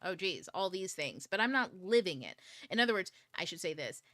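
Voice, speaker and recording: Chatty low-voiced woman, dry close sound. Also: fairly quick, no echo. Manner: swears casually, laughs often, rambling and animated. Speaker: host of a book club livestream. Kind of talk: casual chat to viewers. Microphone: camera mic on a DSLR.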